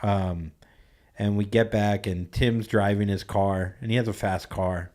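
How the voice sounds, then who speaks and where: A man's voice: on the low side, steady tone, unhurried, a little mellow. A young man hosting a podcast, telling a story in a laid-back way with many "like"s and laughing asides. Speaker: podcast host. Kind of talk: casual storytelling chat.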